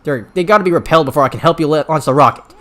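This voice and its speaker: A man's voice: fairly high pitch, very fast, sharp tone, pitched above the performer's own voice. A man doing an urgent, pleading cartoon rabbit king. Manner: raised, urgent, strained delivery. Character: anxious male cartoon rabbit ruler, pleading.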